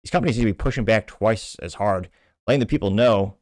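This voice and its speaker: A man hosting a commentary show rants with indignant emphasis about politics and business. His voice sits a little low and sounds close and dry, with no room echo. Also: quick pace, darkish tone. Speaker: show host.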